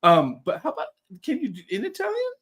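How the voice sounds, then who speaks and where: A man co-hosting a talk show, chatting playfully and cheering along. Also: very high-pitched. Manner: animated, playful, quick to laugh and cheer. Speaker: co-host. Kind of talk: casual chat.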